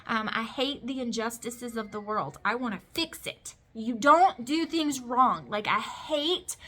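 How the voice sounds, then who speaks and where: Her pitch sits fairly high and her delivery is a little slow, with a touch of brightness. This thirtysomething mother of boys vlogs casually to camera, recounting her life emphatically and leaning heavily on "like."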